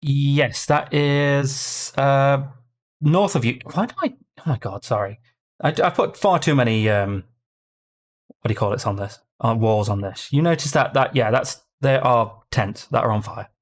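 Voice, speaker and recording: A man running a tabletop game as game master, narrating haltingly and correcting himself often. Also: medium pitch.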